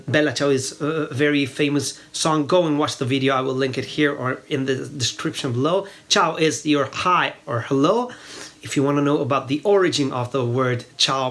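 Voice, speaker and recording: A native Italian speaker from northern Italy, with a northern Italian accent, teaches Italian in English. His voice is medium-pitched and fairly bright, with fairly even intonation at a normal speed, and he patiently repeats words to show how they're pronounced in this explanatory lesson.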